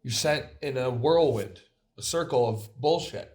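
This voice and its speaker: Animated man telling a story. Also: mid-range voice, measured pace. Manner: animated storyteller, swears, laughs at own story. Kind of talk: casual chat.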